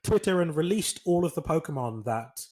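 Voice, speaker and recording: A man co-hosting a podcast in casual chat, excitable and quick to marvel at the news. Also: fairly high pitch. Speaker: podcast co-host.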